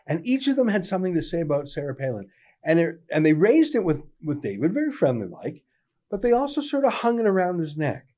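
A man's voice: fairly high pitch, sing-song, a little fast, warm tone. A man delivering a sardonic, conversational political opinion monologue. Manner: sardonic, conversational, dry mockery. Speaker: political commentator.

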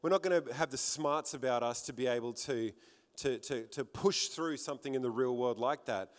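A man's voice: medium pitch, moderate pace. A man preaching a sermon to a congregation in a church hall, fervent, often repeating words as he builds up. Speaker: pastor.

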